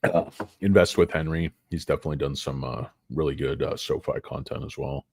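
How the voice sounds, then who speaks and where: A man's voice: a bass voice, fairly even intonation, brisk, darkish tone, no room sound, studio quality. A man hosting a stock market video, talking in a casual, joking, irreverent ramble full of fillers.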